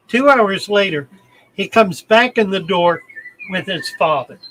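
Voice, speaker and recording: An older man with a high, bright voice tells stories from his past at an unhurried pace. His delivery is deliberate and emphatic, with heartfelt pauses, and there is faint birdsong behind him. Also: animated, poor audio. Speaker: channel host. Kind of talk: storytelling anecdote.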